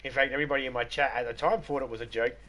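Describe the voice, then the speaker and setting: Australian guy, live streamer, rambling joker, mid-pitched. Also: fairly even intonation, very fast, pushed and bright. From Western Australia. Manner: rambling, joking, laughs often. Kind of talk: casual live-stream chat.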